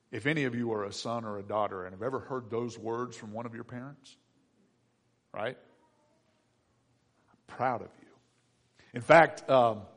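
A middle-aged man preaching a conversational sermon as pastor, with soft asides and gentle quoted lines. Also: medium pitch. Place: church sanctuary. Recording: long hall reverb.

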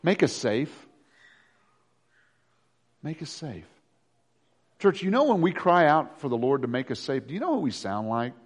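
A man preaching to his church, his fairly high voice leaping across a wide range. He drops to a hushed intensity, then climbs to loud, animated preaching. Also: a little fast, hardly any pauses. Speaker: pastor. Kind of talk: sermon.

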